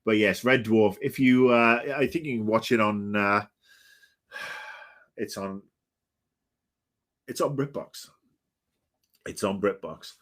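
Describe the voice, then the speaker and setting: A man's voice: on the low side, slow pace, long pauses, fairly bright tone. A man in his fifties hosting a livestream, chatting in a rambling, grumpy, swearing way full of ums and uhs. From Britain. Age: 50s. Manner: rambling, grumpy and profane, with many fillers. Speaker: livestream host. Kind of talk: casual chat.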